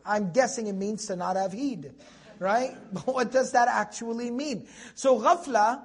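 A man's voice: very high voice, a little slow, slightly rough. A young man giving a conversational Quran tafseer lecture, reciting Arabic verses and asking rhetorical questions. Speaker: Quran teacher.

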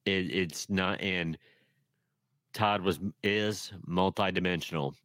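A man co-hosting a podcast in casual chat, joking and measured. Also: deep voice, fairly bright tone, no echo. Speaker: podcast co-host.

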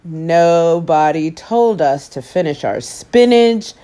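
Woman storyteller, low voice, lively pitch, unhurried, picture-book reading. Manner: expressive, animated storytelling. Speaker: story time host.

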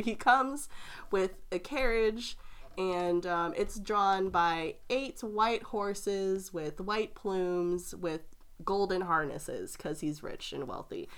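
A woman at a middle pitch, casually retelling a fairy tale to a friend. She giggles often and tells the story with animated energy.

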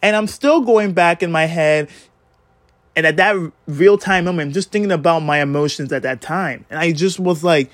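A man giving a casual, excitable game recap as a fan vlogger, swearing freely and swinging up and down in pitch. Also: normal speed, no echo.

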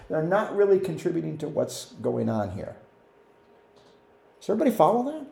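A man leads a relaxed Bible study in a church room, his mellow voice carrying a roomy echo. He talks in a lively, conversational way, putting questions to the group and acting out little quotes. His voice sits a touch higher than usual for a man. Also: gravelly. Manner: asks the listeners questions, acts out quotes. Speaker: Bible teacher.

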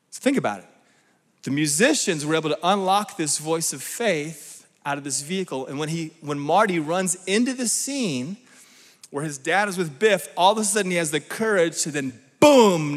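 A man delivers a lively sermon, his fairly high voice ringing with a long reverb through a large hall. He keeps turning to the crowd with quick questions. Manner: animated, asks the crowd "right?" often. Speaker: preacher.

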